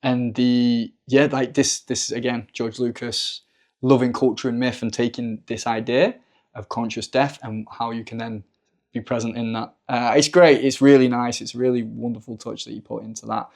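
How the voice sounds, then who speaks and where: A man's voice: medium pitch, level tone, moderate pace, creaky, a little mellow. A man chatting as a podcast guest, talking thoughtfully in a rambling way with many fillers. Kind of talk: casual spiritual discussion.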